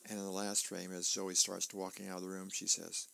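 Volunteer guy reading the paper on air, low gravelly voice, unhurried, some uhs. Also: monotone, fairly bright tone. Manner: plain, unhurried, with small fillers. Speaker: volunteer newspaper reader. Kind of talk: reading a newspaper aloud on radio.

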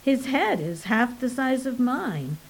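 A woman's voice: on the high side, big pitch swings, slow pace, gravelly, slightly rough, pitched above the performer's own voice, heavily acted, rough recording. A woman voicing a blunt, brash young man with a crude way of talking. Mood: sulky.

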